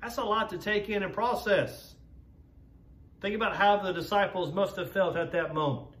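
A man preaching a sermon as a pastor, in an earnest, measured way, slowing down to stress key words. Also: high-pitched, a bit bright. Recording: roomy echo, voice from a distance.

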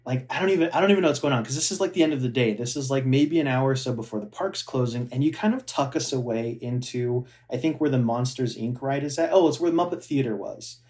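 A man's voice: medium pitch, fast talker, few pauses, darkish tone. A man, a former theme park cast member, telling stories in casual chat with enthusiasm and frequent laughter. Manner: enthusiastic storyteller, laughs often.

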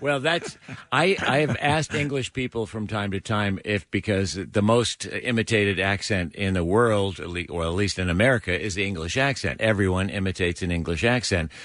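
A man's voice: lowish voice, moderate pace, fairly bright tone, no room sound, studio quality. A man hosting a radio show, chatting casually and enthusiastically with co-hosts. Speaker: radio host. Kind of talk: casual morning-show chat.

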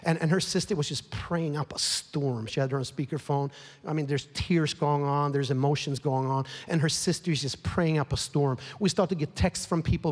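A pastor with a fairly high voice preaches a sermon, telling a story at a moderate pace and a steady tone that becomes more emotional, growing louder and more heated, with occasional whispers. The recording carries a long hall reverb.

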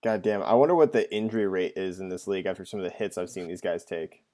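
A man co-hosting a casual podcast, excitable and swearing freely as he reacts to what he sees. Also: low voice, fast talker, slight background noise. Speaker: podcast co-host. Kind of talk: casual chat.

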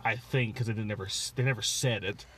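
A man's voice: on the low side, fairly even intonation, fast, fairly bright tone, slight background noise. A man co-hosting a casual podcast, rambling with many fillers and restarts as he chats. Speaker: podcast co-host. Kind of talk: casual chat.

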